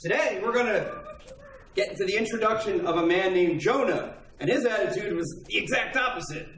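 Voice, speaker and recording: A man preaching a sermon to his church, opening with jokes and an animated story. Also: high-pitched, fairly quick, far from the mic, a little hiss or hum. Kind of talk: sermon with light humor. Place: church hall. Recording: very echoey hall, picked up from afar.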